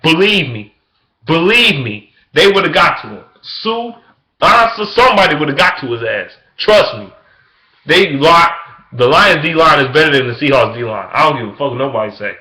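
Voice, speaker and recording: Young man with a bright, forceful voice, profane and repetitive, in a casual sports rant recorded in an echoey room. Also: normal speed. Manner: swings from loud excitement to low mutters. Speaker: vlogger.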